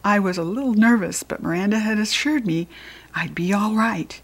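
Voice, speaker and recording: A woman reading a children's story aloud in the first person, in a lively, expressive and playful way. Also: mid-range voice, moderate pace. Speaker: audiobook reader.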